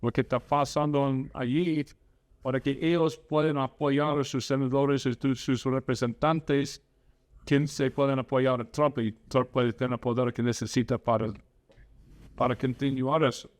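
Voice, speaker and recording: In a mid-range voice with a steady tone and normal pace, a man hosts a podcast full of casual political chat. He's earnest and strongly opinionated, and he switches into Spanish when interviewing.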